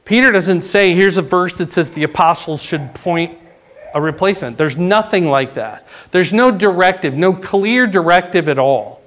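A pastor preaches a sermon in a conversational teaching style, often checking in with "right?" and "okay?" and rising in pitch and volume for emphasis. He speaks at a moderate pace with a fairly bright tone.

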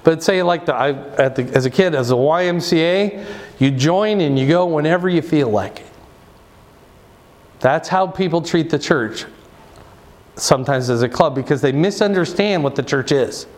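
A man's voice: fairly high pitch, normal speed. Man giving a conversational church lesson. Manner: conversational, rambling with restarts and asides. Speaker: pastor. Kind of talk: church teaching talk.

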